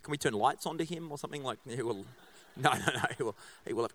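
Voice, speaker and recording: A man's voice: mid-range voice, brisk, pushed and bright. Chatty joking man preaching. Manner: chatty, joking, many fillers and restarts. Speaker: pastor. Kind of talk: casual sermon. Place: church auditorium.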